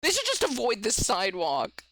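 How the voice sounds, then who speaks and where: A woman's voice: fairly high pitch, wildly swooping pitch, moderate pace, a bit bright, no room sound, rough recording. A young woman streaming a game, rambling, swearing freely and reading the game's text aloud. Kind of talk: casual let's-play chat and reading game text.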